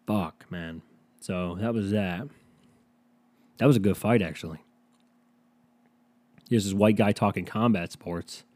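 Laid-back profane man with a mellow voice. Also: fairly low pitch, a little slow, pauses often. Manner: rambling, profane, sarcastic. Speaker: podcast host. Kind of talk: casual solo podcast chat.

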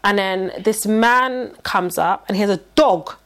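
A woman's voice: mid-range voice, unhurried. A woman in casual chat, rambling through a story with fillers and self-corrections.

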